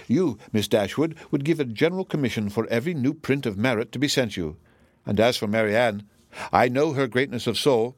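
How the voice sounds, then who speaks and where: A man voicing a reserved young gentleman in an audiobook reading, wry and gently mocking. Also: medium pitch, dry recording, close to an everyday voice.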